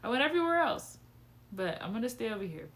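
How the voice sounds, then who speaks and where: A young woman talks straight to camera in a casual personal vlog. Her voice is bright and forceful, and her pitch jumps up for emphasis. She is candid and animated, with frequent swearing. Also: fast. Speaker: vlogger.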